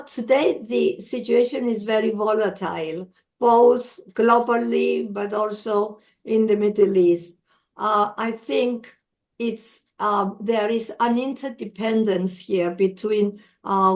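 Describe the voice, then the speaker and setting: An older woman from Cyprus with a Cypriot accent, answering questions in a measured, thoughtful way on a video call. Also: mid-range voice. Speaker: guest speaker, scholar. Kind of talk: answering questions in an online talk.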